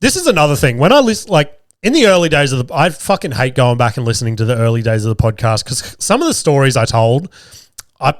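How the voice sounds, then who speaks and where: A man's voice: mid-range voice, very animated, fast talker, dry recording, studio quality. A man, telling casual stories as a podcast host, swearing freely and acting out quoted lines. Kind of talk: casual storytelling.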